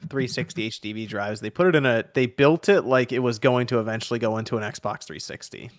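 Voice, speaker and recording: A man in a casual chat, thinking out loud and musing as he talks. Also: medium pitch, brisk, dry recording, studio quality.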